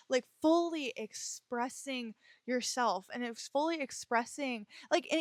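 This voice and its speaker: A woman's voice: fairly high pitch, fairly bright tone, dry recording, studio quality. A young woman hosting her own podcast, chatting in a bubbly, rambling way with frequent laughs and casual swearing. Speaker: podcast host. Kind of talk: casual solo podcast chat.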